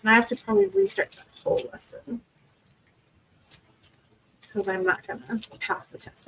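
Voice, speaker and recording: A young woman with a fairly high, expressive voice hosts a livestream from her home desk, chatting casually with viewers in the live chat. She talks at a moderate pace and rambles with lots of fillers and restarts. The recording is rough.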